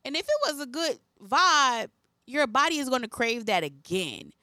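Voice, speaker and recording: A woman's voice: high-pitched, sing-song, moderate pace, bright, forceful tone, dry recording, clean studio sound. A woman co-hosting a podcast in casual chat, musing through her point. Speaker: podcast co-host.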